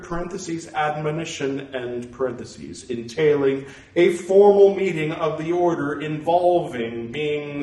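A man's voice: a little high, darkish tone. A man reading a religious text aloud, speaking punctuation marks and stopping for casual musing asides. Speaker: scripture reader. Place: room at home. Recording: echoey room, mic far off.

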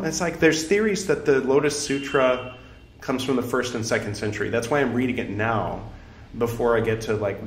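Chatty man reading scripture in an echoey room. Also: mid-range voice. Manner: chatty asides, self-corrects and jokes between passages. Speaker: scripture reader and commentator. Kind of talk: reading aloud with casual commentary. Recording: roomy echo.

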